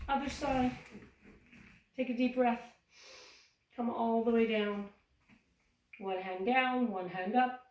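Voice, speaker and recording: A woman's voice: fairly high pitch, slow, pauses often, a little hiss or hum. A woman teaching a cheerful yoga class for young children, giving encouraging step-by-step instructions. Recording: echoey room, voice from a distance.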